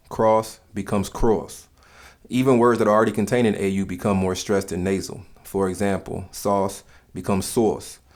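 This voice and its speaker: A man narrating in a calm, measured, scripted way, explaining things to the listener. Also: fairly low pitch.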